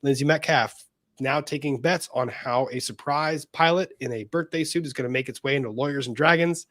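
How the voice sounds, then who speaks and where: A man's voice: medium pitch, fairly quick, a bit bright, dry recording, studio quality. A man co-hosting a casual livestream, reading viewer comments aloud and laughing often. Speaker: co-host reading super chats.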